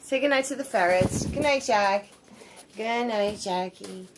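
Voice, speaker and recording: A woman's voice: mid-range voice, a little slow, background noise. A woman at home filming her pets on a phone, talking playfully to her bird and laughing often. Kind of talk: casual chat to pets while filming.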